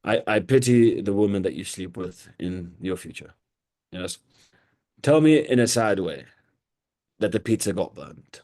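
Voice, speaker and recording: A man's voice: on the low side, lively intonation, unhurried, long pauses, warm tone. Blunt mocking sales trainer, a man. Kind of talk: live sales coaching session.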